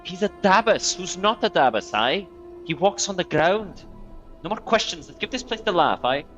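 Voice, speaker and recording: A man's voice: medium pitch, level tone, extremely slow, a bit bright, voice pushed up. A man voicing a scared young woman rogue in a video game, with a forced brogue full of aye and so it will, in a raised, urgent voice. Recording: dull lo-fi sound, faint music.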